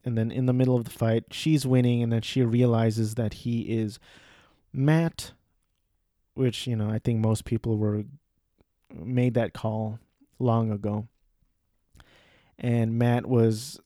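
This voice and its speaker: A man's voice: mid-range voice, dark tone, no echo, clean studio sound. A man casually recapping a movie plot, rambling with fillers and self-corrections. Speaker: movie reviewer.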